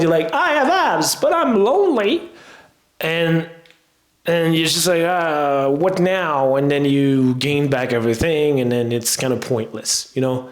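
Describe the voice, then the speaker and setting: A man who is a fitness coach, talking casually and rambling to camera, with slightly English. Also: medium pitch. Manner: rambling, conversational. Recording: roomy echo.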